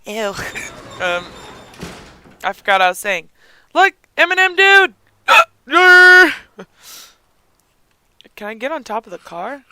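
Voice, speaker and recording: A young man doing excitable gameplay commentary, gasping and talking to the game characters while he has the hiccups. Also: high voice, moderate pace, long pauses, clear, resonant tone, no echo. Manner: excitable, gasps and yelps, talks to game characters. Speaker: let's play gamer.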